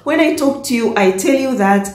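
A woman's voice: fairly high pitch, animated, moderate pace. A young woman from Tanzania telling a personal story to her viewers, often laughing between sentences. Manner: warm, laughs often, emotional at times. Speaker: vlogger. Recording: echoey room with faint music.

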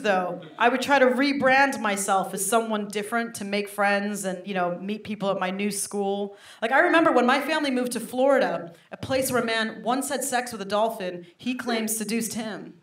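A young woman doing stand-up with an American accent picked up over a mixed British upbringing, brash and self-mocking with quick asides to the crowd. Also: mid-range voice, a bit bright. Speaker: stand-up comedian. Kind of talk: stand-up comedy set. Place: comedy stage before a live audience. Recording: roomy live venue, faint noise.

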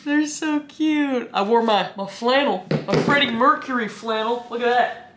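A woman's voice: on the high side, moderate pace, background noise. Young woman, self-mocking reaction host who rambles from joke to joke. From Canada. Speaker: YouTuber reacting to clips. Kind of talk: casual comedic reaction commentary.

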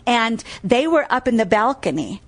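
A woman preaching a sermon in a high, bright-sounding voice. She drives her points home by repeating key phrases. She stops to quiz her listeners before going on with the reading. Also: big pitch swings, normal speed. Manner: tells stories and reads scripture aloud.

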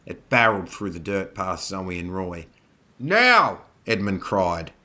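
Deep-voiced man narrating a horror story. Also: normal speed. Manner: steady, dramatic storytelling.

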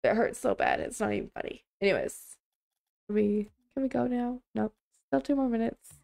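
A woman's voice: fairly high pitch, normal speed, creaky, a little mellow. A young woman livestreaming, chatting casually with viewers on a headset mic, apologetic and laughing often.

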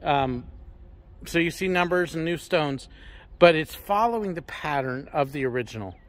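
A man's voice: fairly high pitch, moderate pace. A man hosting a casual guided tour of an outdoor Roman amphitheater, slightly out of breath, talking into a camera without a microphone. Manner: animated, showman-like projecting at times. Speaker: travel vlogger, host. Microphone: handheld camera, no microphone.

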